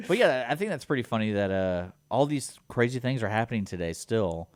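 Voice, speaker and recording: A man co-hosting a radio talk show in casual chat, animated and acting out imagined exchanges. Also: mid-range voice, fairly quick, no room sound. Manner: animated, acts out imagined dialogue.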